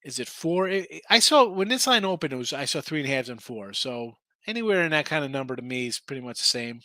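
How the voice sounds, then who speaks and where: A very animated, fast-talking man with a bright, forceful, medium-pitched voice hosts a sports betting stream with no echo. He's loose and ranting, reading viewer comments and speaking straight to the chat.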